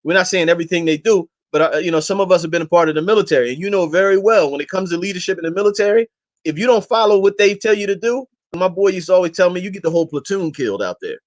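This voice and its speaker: A man's voice: high voice, rapid-fire. A man talking as a guest in a casual interview, impassioned and emphatic, urging his listeners in slangy, everyday speech.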